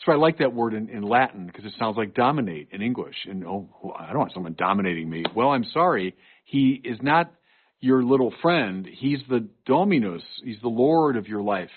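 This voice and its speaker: A man's voice: medium pitch, animated, moderate pace. An older man, a bishop, talks through a guest spot in an earnest, emphatic storytelling way. His voice sits in an average register. It comes through narrow and phone-like, as if recorded over a remote link. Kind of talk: conversational podcast chat. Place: home studio.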